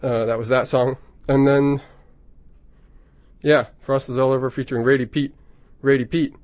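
A man working as a radio DJ in a studio, chatting casually and excitably between songs, rambling with lots of ums. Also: mid-range voice, normal speed, no room sound, dull audio. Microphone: studio microphone.

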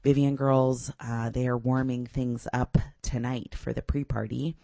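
A woman's voice: very deep voice, level tone, measured pace, creaky, mellow, a little hiss or hum. A woman radio DJ back-announcing songs in a casual, enthusiastic way, with frequent laughs and fillers. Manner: enthusiastic, giggly, with many "uh" fillers.

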